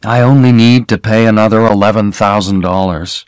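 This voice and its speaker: A man reading the lines of a gentle young man who calmly reasons with his lover. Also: moderate pace, clear, resonant tone, dry recording, studio quality, natural voice. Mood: reasoning. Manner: soft and calm, slightly lowered.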